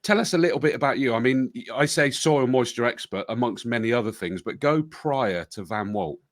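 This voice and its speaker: A man's voice: medium pitch, expressive, brisk, dry recording, studio quality. A British man hosting a podcast, chatting casually with a jokey, self-deprecating manner. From Britain. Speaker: podcast host.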